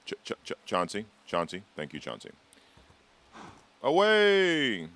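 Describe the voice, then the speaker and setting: A man's voice: low voice, lively intonation, brisk, bright, forceful tone. A man streaming a game live, chatting casually with his viewers in a rambling, teasing way and swearing freely. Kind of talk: casual live-stream chat while gaming.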